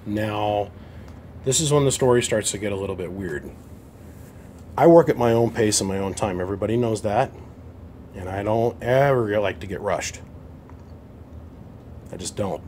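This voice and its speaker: A man's voice: lowish voice, moderate pace, pauses often, a little mellow, a little hiss or hum. A man running a repair shop, telling a casual story to camera in an aggrieved, blunt way. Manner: aggrieved, blunt, acts out both sides of phone calls. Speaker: amp repair shop owner.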